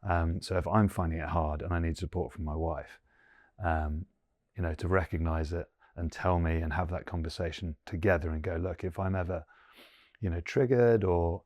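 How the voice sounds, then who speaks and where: A man's voice: sits low, fairly even intonation, normal speed, darkish tone, no room sound, studio quality. A man in his forties, a guest in an interview, talking earnestly and thinking aloud with many fillers. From England. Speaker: guest, former rugby player. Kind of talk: reflective interview conversation.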